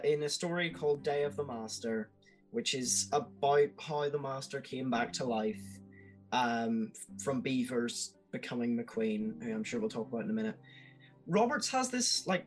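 A man's voice: on the high side, low-quality recording. Enthusiastic man in podcast chat. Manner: enthusiastic, quick asides, laughs while explaining. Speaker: podcast guest.

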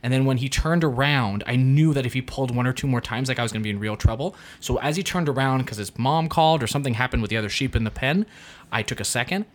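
A man's voice: medium pitch, quick pace. A male actor telling a funny story in casual conversation, laughing often as he talks. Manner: laughs often, lively anecdote.

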